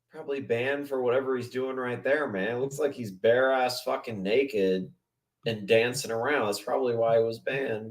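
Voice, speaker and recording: A man hosting a casual livestream, rambling and swearing as he reacts to chat and videos. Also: medium pitch. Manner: profane, rambling, mimics voices. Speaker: livestream host.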